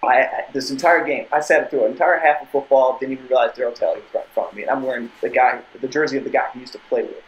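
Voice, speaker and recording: A man's voice: mid-range voice, steady tone, very fast, few pauses, lo-fi sound. A young man, a podcast guest, telling a long casual story with many tangents and restarts. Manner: rambling, tangents, repeated restarts.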